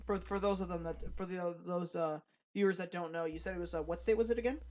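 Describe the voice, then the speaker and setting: A man's voice: high voice, steady tone, fast talker, a little mellow. A young man co-hosting a podcast in casual chat, rambling with many restarts and fillers. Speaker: podcast co-host.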